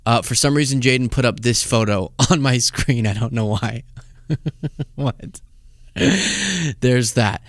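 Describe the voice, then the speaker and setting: A man hosting a solo political commentary show, talking in an animated, incredulous and sarcastic way. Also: mid-range voice, no room sound.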